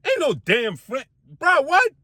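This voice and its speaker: A man with a high, animated voice delivers a heated boxing commentary rant, piling up rhetorical questions in casual slang. His voice leaps up and down in pitch, and the recording is dry and close. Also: measured pace, dry recording. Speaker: sports commentary host.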